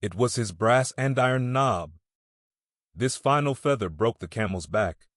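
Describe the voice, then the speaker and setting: A man reading a classic novel aloud as an audiobook narrator, in a measured, steady storytelling manner. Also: mid-range voice, no room sound, clean studio sound. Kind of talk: scripted narration.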